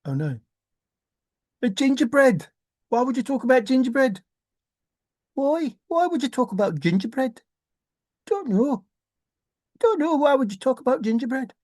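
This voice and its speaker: A woman's voice: high-pitched, sing-song, moderate pace, long pauses, darkish tone, no room sound. An older woman rambling to herself in a musing monologue, repeating words in a singsong way and humming. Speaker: treasure hunt vlogger.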